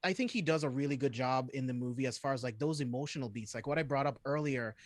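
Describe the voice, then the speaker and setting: A man's voice: mid-range voice, fast, dry recording, clean studio sound. A man as a guest on a film podcast, talking enthusiastically and rambling a little. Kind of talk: casual podcast chat.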